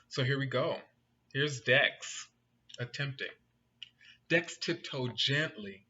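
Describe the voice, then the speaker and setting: Man reading a children's picture book, animated and bright, slow and lively. Dull lo-fi recording. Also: on the high side. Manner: animated, asks listeners questions. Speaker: storyteller.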